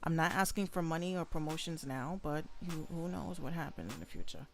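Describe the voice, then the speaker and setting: A woman's voice: low voice, fairly quick. Blunt, profane woman podcaster in her bedroom. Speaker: podcast host and rapper. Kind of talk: casual solo podcast rant.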